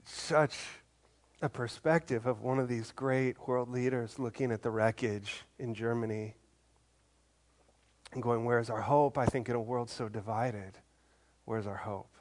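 A man's voice: medium pitch, steady tone, measured pace. A man preaching a sermon in a conversational, earnest way, acting out the voices of the people in his stories. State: briefly choked up. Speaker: pastor.

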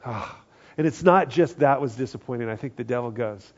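A man preaching a conversational sermon, acting out quoted voices and often dropping to a hushed tone. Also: medium pitch, a little fast. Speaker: pastor. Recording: dull lo-fi sound.

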